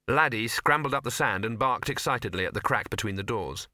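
Bright-voiced male audiobook narrator. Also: mid-range voice, animated, a little fast, dry recording, studio quality. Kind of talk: scripted narration.

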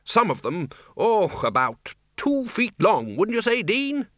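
A man voicing a blustering, brisk head wizard in a storybook reading. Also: sits high, huge pitch swings, a bit bright, no echo, studio quality, voice pushed up, exaggerated voice. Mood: loud.

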